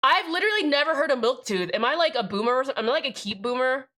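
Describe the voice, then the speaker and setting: A woman's voice: high-pitched, expressive, rapid-fire, pushed and bright. A young woman streaming live, rambling and chatting casually with plenty of swearing.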